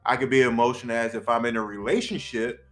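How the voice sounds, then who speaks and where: A man's voice: medium pitch, fairly even intonation, fast, fairly bright tone, soft background music. A young man co-hosting a podcast, talking bluntly and sarcastically with plenty of swearing in a candid casual chat. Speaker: podcast co-host.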